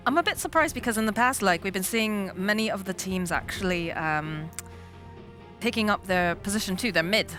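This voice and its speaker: A woman hosts a live esports desk and puts probing questions to the analysts. Her voice is bright and forceful, with faint music underneath. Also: medium pitch, moderate pace.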